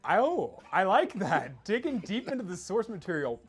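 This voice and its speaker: A man hosting a casual esports panel chat, laughing often and swinging his pitch widely. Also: big pitch swings, normal speed, slightly rough, soft background music. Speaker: host.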